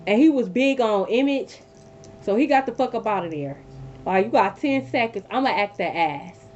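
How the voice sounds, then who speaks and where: A woman doing a casual tarot reading, telling a story in a blunt, emphatic, profane way. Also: darkish tone. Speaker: tarot reader. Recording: dull lo-fi with faint rumble.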